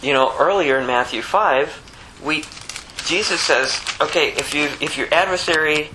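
A man giving an informal sermon, talking conversationally and acting out the people in his stories, climbing high when he stresses a point. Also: pushed and bright, a little hiss or hum, low-quality recording. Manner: conversational, plays out the story characters in quick voices. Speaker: preacher.

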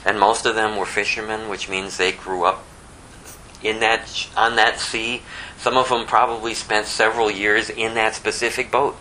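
A man with a low, bright and forceful voice teaches a small Bible study group. He tells the story in a lively way and pushes his voice up in emphatic bursts. A faint hum sits behind him. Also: moderate pace, rough recording.

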